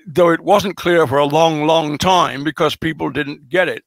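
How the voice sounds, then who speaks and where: A man's voice: on the high side, moderate pace, creaky, fairly bright tone, dry recording. A man being interviewed as a scholar, explaining in a lecturing way with frequent hesitations and fillers, stressing key words for emphasis.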